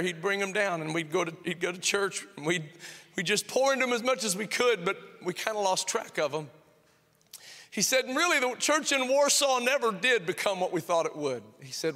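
A middle-aged male pastor with a high, bright, forceful voice preaches in a church sanctuary. The sound carries a long hall reverb. He tells stories in an animated way, repeats phrases, and acts out both sides of a conversation. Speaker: senior pastor. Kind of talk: sermon with storytelling.

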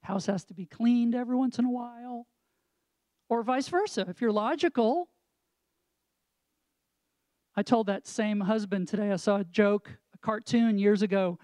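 Mellow-voiced man explaining with examples. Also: high-pitched, moderate pace, long pauses, no room sound. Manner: reflective, explains with examples and rhetorical questions. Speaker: co-host and marriage counselor. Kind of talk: casual chat with a pastoral tone.

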